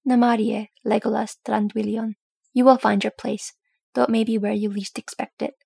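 Brief: wise, regal elf queen, calm and stately, husky gravelly tone, read by a woman. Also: fairly high pitch, moderate pace, no echo, clean studio sound, full character voice. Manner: calm, stately, formal speech.

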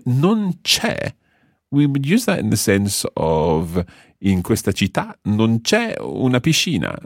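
A man's voice: sits low, no room sound, studio quality. A man teaching a language lesson, patiently explaining step by step and quizzing the learner.

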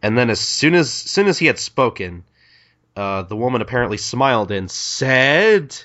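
A man's voice: medium pitch, animated, fairly bright tone, dull audio. A man co-hosting a podcast, casually retelling manga scenes with lots of ums and uhs. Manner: retells scenes with quick voiced quotes, many fillers. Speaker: podcast co-host. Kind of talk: casual chat recapping a manga.

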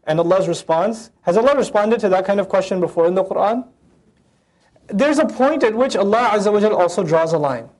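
A man lectures on the Quran at a rapid clip, his voice sitting high. He recites Arabic lines and unpacks them with lively, acted-out voices. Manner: animated, acts out voices of the verses; recites Arabic verses then translates. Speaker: Quran teacher.

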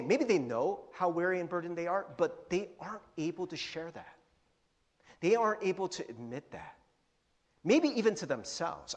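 A man's voice: high voice, breathy edge. A young adult man preaching a sermon as pastor, casual and joking, acting out little voices. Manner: animated, joking, acts out voices. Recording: long hall reverb.

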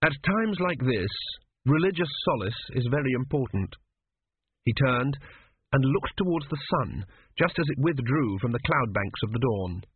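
Husky male audiobook narrator, wry dry storytelling; phone-like, dry audio. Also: medium pitch, expressive, measured pace, dry recording. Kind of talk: scripted narration. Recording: dry tinny phone-like sound.

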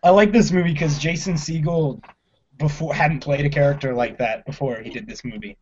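A man's voice: a little high, a little fast, darkish tone, a little hiss or hum. Laid-back swearing man, lo-fi recording. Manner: laid-back, swears freely, laughs often. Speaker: podcast co-host. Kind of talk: casual chat about comedy films. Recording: lo-fi dull audio.

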